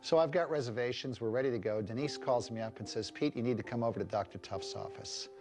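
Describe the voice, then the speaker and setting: A man's voice: medium pitch, quick pace. A man telling the story of his wife's cancer in an earnest, emphatic interview testimonial. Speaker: husband of a cancer patient. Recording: music bed under the voice.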